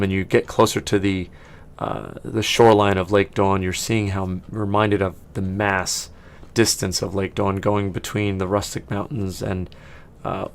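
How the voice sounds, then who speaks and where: Low male game master, casual and rambling, laughs easily. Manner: chatty, laughs often, many fillers. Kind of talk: narrating a tabletop game.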